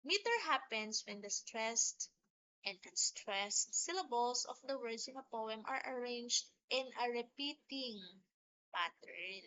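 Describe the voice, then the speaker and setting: A woman teacher giving a recorded lecture on poetry, explaining slowly and deliberately with small restarts. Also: fairly high pitch, pushed and bright, no room sound, lo-fi sound.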